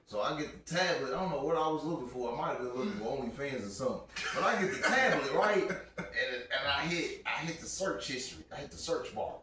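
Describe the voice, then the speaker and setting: A man hosting a podcast, telling stories in a casual, animated way and acting out the other people's voices with bursts of laughter. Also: fairly high pitch, moderate pace. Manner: animated, laughing storyteller who acts out voices. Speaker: podcast host. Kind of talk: casual chat, storytelling. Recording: echoey room, distant mic, crowd noise.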